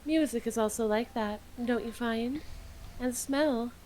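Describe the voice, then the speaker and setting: A woman voicing a refined, wistful game character in a soft, hushed whispered role-play voice. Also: fairly high pitch, unhurried, slight background noise, natural voice, low-quality recording.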